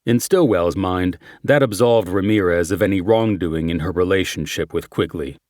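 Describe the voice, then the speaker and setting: A man narrating a crime thriller audiobook in a measured, steady reading. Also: low voice, dry recording, clean studio sound. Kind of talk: scripted narration.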